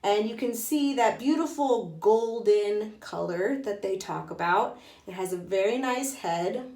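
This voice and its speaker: A woman's voice: mid-range voice, measured pace. Chatty woman vlogging in an echoey room. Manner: chatty and excitable, many "like"s and restarts. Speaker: host of a book and beer vlog. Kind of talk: casual chatty vlog.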